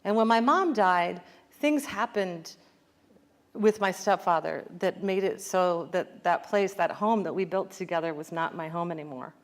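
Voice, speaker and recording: A woman's voice: lowish voice, a little slow. Reflective American woman author in conversation. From United States. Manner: reflective, many fillers and restarts. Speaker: author guest. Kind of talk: onstage conversation.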